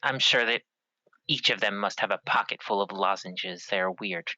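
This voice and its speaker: A man voicing a clawed female warrior for a tabletop game, speaking in a formal, courteous, measured way. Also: lowish voice, sharp tone, no room sound, lo-fi sound.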